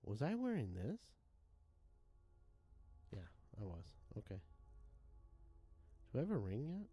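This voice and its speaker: A man's voice: medium pitch, wildly swooping pitch, slow, mellow, no room sound, soft background music. A man streaming a game live who chats casually, rambling and swearing as he chuckles often, into a desk mic at a home setup.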